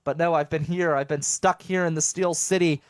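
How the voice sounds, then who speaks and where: Excitable man with an unusual voice. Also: a little high, normal speed, dry recording, clean studio sound. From southwestern Pennsylvania, USA. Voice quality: unusual voice that people take for foreign. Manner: rambling and excitable, with repeated restarts. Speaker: vlogger. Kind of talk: casual monologue to viewers.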